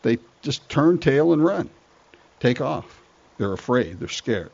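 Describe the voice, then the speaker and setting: A man's voice: mid-range voice, very animated, slow pace, vocal fry, darkish tone, breathy edge. A man preaching a sermon, reading scripture aloud and then paraphrasing it in casual everyday speech. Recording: dull lo-fi recording.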